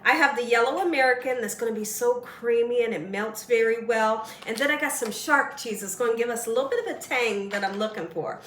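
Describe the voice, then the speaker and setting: A woman walks viewers through a recipe in her home kitchen, talking in a bright, high, excitable way. The echoey kitchen carries a faint hum behind her. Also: a little fast, few pauses. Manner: chatty and excitable, laughs while telling stories. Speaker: cooking channel host. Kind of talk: casual cooking demonstration.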